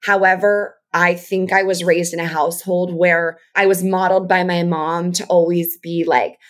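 A woman's voice: lowish voice, flat delivery, moderate pace. A woman speaking as a podcast guest in casual chat, reflective and full of "like" fillers.

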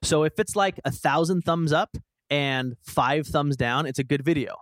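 A man's voice: on the high side, moderate pace, fairly bright tone, dry recording. A young man co-hosting a podcast, telling a rambling story in earnest, casual chat. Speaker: podcast co-host.

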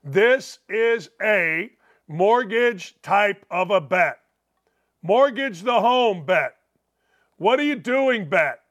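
A middle-aged man hosting a sports talk show, brash and jokey, shouting out his betting picks. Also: high voice, expressive, slow pace, lo-fi sound.

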